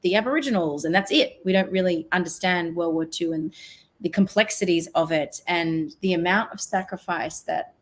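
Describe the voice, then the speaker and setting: A woman's voice: lowish voice, moderate pace. A woman with an Australian accent, a guest on an online talk show, talking earnestly and reflectively and trailing off mid-sentence. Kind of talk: casual interview chat. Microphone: video call.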